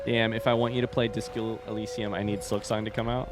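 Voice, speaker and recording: A man's voice: fairly low pitch, flat delivery, quick pace, over loud music. A man streaming a game live, chatting casually and rambling to his viewers. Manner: rambling, chatty, addresses chat directly. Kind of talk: casual livestream chat while gaming.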